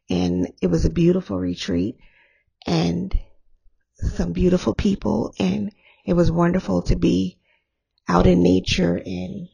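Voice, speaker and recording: Hoarse woman podcast host, slow and raspy, candid and rambling. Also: fairly low pitch, warm tone, dull audio. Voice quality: gravelly. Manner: candid, rambling, laughs often. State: hoarse after illness. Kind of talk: candid solo podcast talk.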